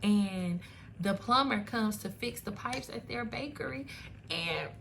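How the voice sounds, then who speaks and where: A young woman chatting into a phone camera at home, lively and loose, full of "like" and "y'all" asides. Her voice is bright and forward. A faint room hum sits behind her. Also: mid-range voice, a little slow, creaky. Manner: chatty, animated, laughing asides, lots of "like" and "y'all". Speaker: book reviewer. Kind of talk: casual chat.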